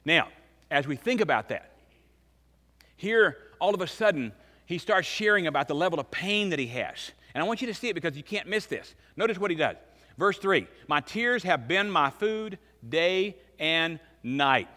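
A man in his fifties preaching a sermon as pastor, emphatic, swinging between loud and hushed. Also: fairly high pitch, expressive, fairly quick. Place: church sanctuary. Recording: long reverb of a large church hall.

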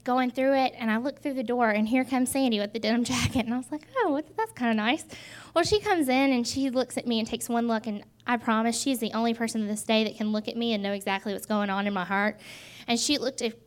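A woman in her twenties telling her personal faith testimony in an earnest, halting way with many pauses. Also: fairly high pitch, fairly even intonation. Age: 20s. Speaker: testimony speaker.

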